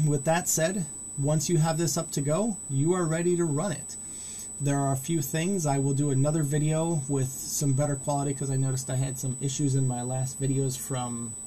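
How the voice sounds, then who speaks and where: A man hosting a casual screen-recorded walkthrough, chatty and rambling, getting excited about the features he likes. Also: mid-range voice, slight background noise. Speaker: modding tutorial host.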